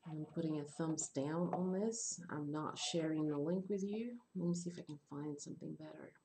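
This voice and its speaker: A woman teaching English in an online class, explaining slowly and rephrasing her points. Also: deep voice, gravelly, warm tone, slight background noise.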